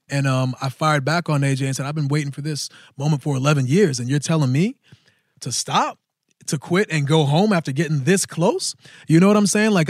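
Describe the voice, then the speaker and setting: A man in his thirties, co-hosting a podcast, telling a story in a casual, animated way and acting out the voices of people he quotes. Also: fairly high pitch, dry recording, studio quality. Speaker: podcast host.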